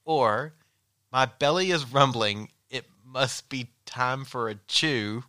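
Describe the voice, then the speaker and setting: A man's voice: mid-range voice, slow, sharp tone, clean tone, no room sound, studio quality. A man co-hosting a podcast, joking playfully and laughing often in casual banter. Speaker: podcast co-host.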